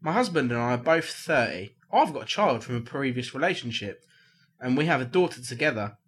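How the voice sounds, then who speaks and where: A man's voice: medium pitch, animated, fairly quick. A man co-hosting a casual podcast, reading out problem letters with a jokey, laughing delivery.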